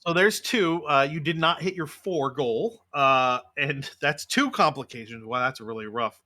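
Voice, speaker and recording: A man's voice: mid-range voice, a little slow, pushed and bright. A man narrating a tabletop game as game master, casual and loose with many fillers.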